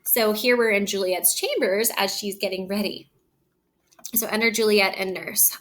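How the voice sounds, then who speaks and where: A woman reads a play aloud, line by line, then explains each passage in relaxed, everyday words. Her voice is bright and clear, and her manner is that of a teacher walking a class through the text. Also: medium pitch, moderate pace. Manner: switches between reading lines aloud and plain paraphrase. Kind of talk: read-aloud with casual explanation.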